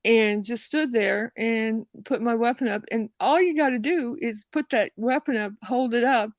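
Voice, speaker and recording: A woman hosting a talk show tells a long story in a loose, rambling way, backing up and restarting her sentences as she goes. Her voice sits somewhat high and carries a gravelly fry. The sound is dry and close. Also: normal speed, no echo. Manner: rambling, animated, many restarts. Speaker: show host. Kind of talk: casual storytelling.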